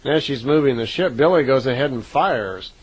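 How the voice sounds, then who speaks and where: This narrator of contact reports is a man with a medium pitch, lively intonation, a brisk pace and a breathy edge. His unscripted, casual retelling is laced with fillers and self-corrections, captured on a rough recording.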